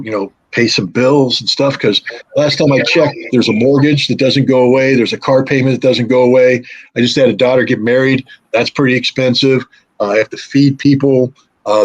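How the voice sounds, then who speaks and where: Husky-voiced man rambling through a story. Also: mid-range voice, dull audio. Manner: rambling storyteller who acts out quoted dialogue. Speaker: guest. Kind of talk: casual conversational interview.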